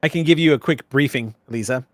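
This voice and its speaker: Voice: medium pitch, fast talker, dry recording, studio quality. A game master running a tabletop game, musing aloud with many questions and small laughs.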